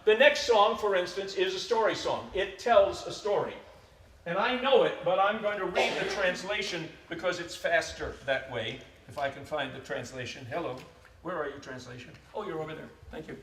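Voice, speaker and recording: High-voiced priest hosting a concert. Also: male voice, normal speed, fairly bright tone, echoey room, slight background noise. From United States. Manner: chatty, storytelling. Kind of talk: live concert introduction. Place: concert hall.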